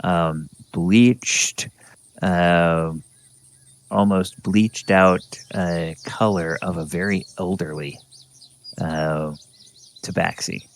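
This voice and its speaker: A man narrating a tabletop game as dungeon master, in a slow, hesitant way with many fillers. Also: deep voice, steady tone, gravelly, a little hiss or hum.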